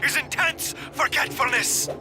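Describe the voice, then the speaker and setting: A man's voice: very high voice, unhurried, music in the background. An actor playing a pompous male soap-opera doctor in a cartoon, delivering lines in a hammy, melodramatic way. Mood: hammy grave.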